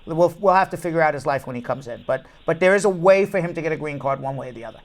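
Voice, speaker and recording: A man hosting a call-in show as an immigration lawyer, ranting with animated indignation and then answering callers. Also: fairly high pitch, very fast, crowd noise.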